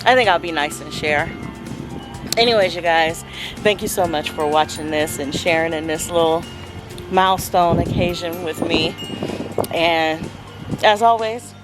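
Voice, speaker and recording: Slow-talking woman vlogging from her garden. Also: fairly low pitch, over music. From Southern California. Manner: chatty, addresses viewers as "you guys", savoring while tasting. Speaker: homesteading vlogger. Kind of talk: casual garden vlog. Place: outdoors in a backyard garden.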